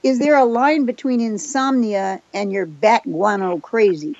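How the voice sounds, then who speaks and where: A woman raised in Japan with Japanese as her first language, a therapist and hypnotist telling her story fast and self-assuredly as a radio guest. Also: medium pitch, vocal fry, darkish tone, dry recording, highs cut off. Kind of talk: casual chat on a radio show.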